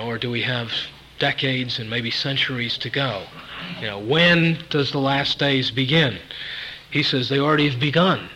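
A man's voice: mid-range voice, bright, forceful tone, slight background noise, poor audio. A man preaching a sermon, earnest and rising to emphatic peaks on key phrases.

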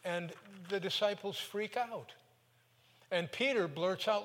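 A male preacher tells his sermon animatedly, speeding up in bursts and then dropping low. His voice is fairly high and rings with a long reverb, as in a church hall. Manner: animated, with quick bursts and sudden drops. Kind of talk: sermon storytelling.

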